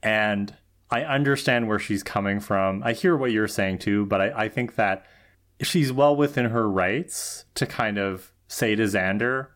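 A man's voice: lowish voice, measured pace, a bit bright. A man co-hosting a podcast, thinking aloud in casual chat about an episode. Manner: thoughtful, reasons things through with qualifiers. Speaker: podcast co-host.

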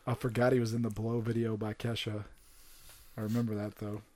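A man's voice: lowish voice, brisk. A young man chatting casually about films and actors, telling stories and acting out what people said. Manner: animated storyteller, jumps into quoted voices. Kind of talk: casual chat.

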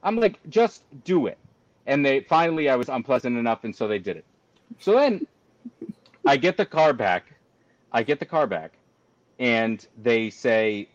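A man telling a long story on a call in an animated, ranting way, jumping high when he quotes himself. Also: measured pace, long pauses, no echo, muffled recording.

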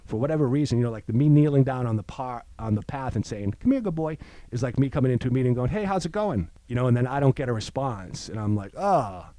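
A man's voice: medium pitch, quick pace, few pauses, no room sound. A man in recovery, telling a story in casual chat and acting out the voices of the people in it. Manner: animated storyteller, acts out voices. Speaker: guest in recovery.

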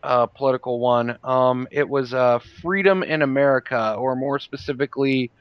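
Rambling, smooth-voiced podcast host. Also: male voice, mid-range voice, moderate pace, muffled recording. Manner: rambling with many fillers. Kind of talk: casual podcast chat.

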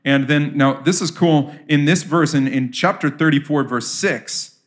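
A man's voice: on the high side, measured pace. A man preaching to a congregation in a church. He talks casually and often turns questions back to his listeners. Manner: conversational, asks the audience questions. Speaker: pastor. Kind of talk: sermon.

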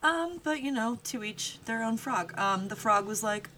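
A woman's voice: fairly high pitch, lively intonation, normal speed, bright, forceful tone, slight background noise, rough recording. A young woman co-hosting a podcast, casually retelling a fairy tale with profane jokes. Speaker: podcast co-host. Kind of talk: casual comedic storytelling.

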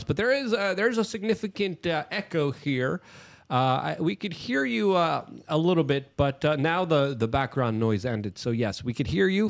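A man's voice: on the high side, a bit bright. A man co-hosting a political podcast, bantering and joking with guests, then reading out how members can join. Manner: joking, laughing, quick bursts. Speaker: co-host.

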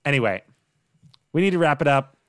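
A man co-hosting a casual podcast, recapping plot in a relaxed way and laughing often. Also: a little high, brisk, no room sound, clean studio sound. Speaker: podcast co-host. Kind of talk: casual chat recapping a TV show.

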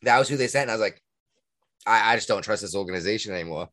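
A man with a Massachusetts accent co-hosting a podcast in casual chat, talking in an animated way that jumps high when he gets worked up. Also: racing, no echo, studio quality. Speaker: podcast co-host.

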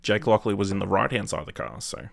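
A man's voice: on the low side, animated, quick pace, gravelly, no echo. A man co-hosting a casual podcast, making short dry remarks and steering the discussion. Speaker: podcast co-host. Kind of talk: casual pop-culture chat.

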